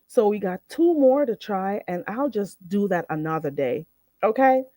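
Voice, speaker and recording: A woman with a Jamaican accent hosts a relaxed live-stream lesson, her voice swinging widely up and down as she teaches. She draws phrases out slowly and laughs easily. The sound is close and dry. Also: medium pitch, no echo. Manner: animated, laughs often, drawn-out slow phrases when teaching. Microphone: streaming setup microphone.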